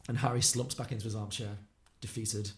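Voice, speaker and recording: A man on a podcast, retelling a film plot quickly and acting out the characters' lines. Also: lowish voice, flat delivery. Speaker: podcast co-host. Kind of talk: casual film podcast recap.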